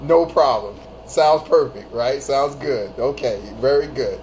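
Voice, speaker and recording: A man's voice: medium pitch, a little slow, darkish tone, a little hiss or hum. A man hosting a phone livestream, telling a story casually to his chat. He laughs often and repeats phrases for emphasis. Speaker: livestream host.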